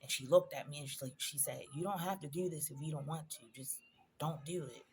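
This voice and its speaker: A woman's voice: deep voice, brisk, a little hiss or hum. A woman in a personal vlog, telling a painful story in a conversational, emotional way, addressing viewers directly. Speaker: vlogger.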